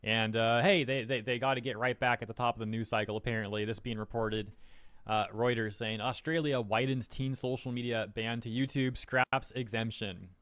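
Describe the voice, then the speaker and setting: A man's voice: mid-range voice, fairly even intonation, normal speed, a bit bright, smooth, no room sound. Give me a wry male commentator reading headlines with mocking asides, dry close mic. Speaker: online news commentator.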